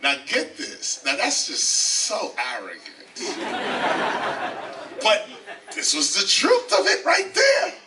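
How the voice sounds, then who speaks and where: An older man from the South Bronx, New York, a rapper and teacher, animatedly tells his life story as an interview guest in an indoor library, speaking emphatically, repeating phrases and often asking "okay?". His voice sits high with wildly swooping pitch, at a slow pace with frequent pauses. The mic is distant, with faint background noise.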